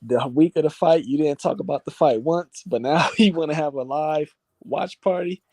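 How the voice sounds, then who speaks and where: A man's voice: fairly high pitch, moderate pace, a little mellow, dry recording. A man co-hosting a casual chat, explaining fight history with many fillers. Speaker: co-host boxing fan.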